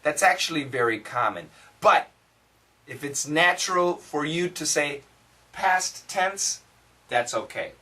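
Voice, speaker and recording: An American man teaching English pronunciation, patiently repeating words slowly so learners can drill them. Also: a little high, expressive, sharp tone, recorded from a distance. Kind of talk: pronunciation lesson.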